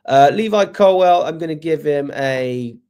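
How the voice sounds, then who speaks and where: A man's voice: on the high side, lively intonation, a little slow, dark tone, clear, resonant tone. A man hosting a football fan channel, giving a live match review and reading out viewer comments, exasperated and swearing, firing off rhetorical questions.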